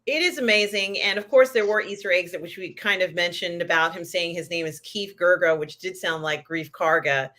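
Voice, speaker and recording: Woman, lowish pitch, bright crisp tone, measured pop culture co-host. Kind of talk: casual pop culture chat.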